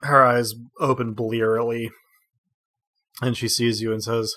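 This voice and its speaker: A man running a tabletop game as game master, describing scenes in a measured storytelling way. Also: mid-range voice, level tone, sharp tone.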